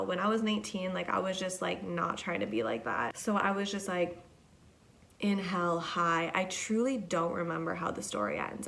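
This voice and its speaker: A woman's voice: on the low side, creaky, a bit bright. A young woman hosting a podcast, telling a rambling, profane, self-deprecating story in a casual monologue. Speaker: podcast host.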